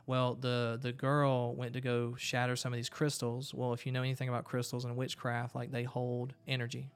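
A man's voice: mid-range voice, monotone, normal speed, clear, resonant tone. A man earnestly retelling a story in casual talk, with frequent restarts.

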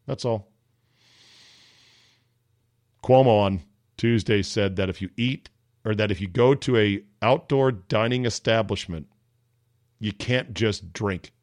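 Sarcastic sports radio host, dry close sound. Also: male voice, fairly low pitch, unhurried, dry recording. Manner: sarcastic, joking. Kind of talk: casual solo commentary.

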